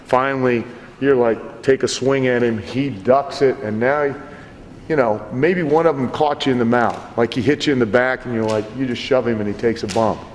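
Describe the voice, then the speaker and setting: Middle-aged wrestling coach guy, loud and animated, cussing, echoey big hall with a faint hum. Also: mid-range voice, moderate pace. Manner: animated, profane, acts out scenes. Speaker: wrestling trainer. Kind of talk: coaching critique.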